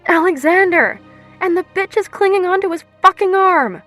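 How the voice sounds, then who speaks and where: A woman voicing an upset young woman shouting over music. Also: medium pitch, animated, brisk, natural voice. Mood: shouting angry. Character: young woman, hurt and sharp-tongued.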